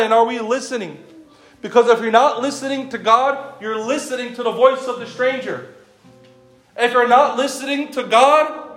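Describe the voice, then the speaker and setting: Male preacher, very high voice, sermon with rhetorical questions and mixed languages, reverberant room. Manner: repetitive rhetorical questions, calls listeners by name; switches between English and another language mid-sentence.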